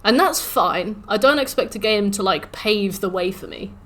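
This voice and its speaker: A woman's voice: mid-range voice, animated, normal speed. A young woman streaming a game, chatting casually and ranting with swearing as she mimics the game's taunts. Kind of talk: casual livestream chat while gaming.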